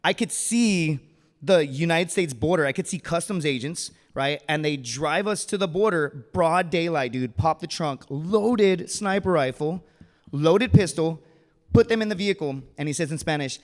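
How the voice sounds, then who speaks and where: A Marine veteran in his thirties telling a true story live on stage, casual and animated. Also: fairly high pitch, normal speed. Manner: casual, animated, says dude and right a lot. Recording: long hall reverb.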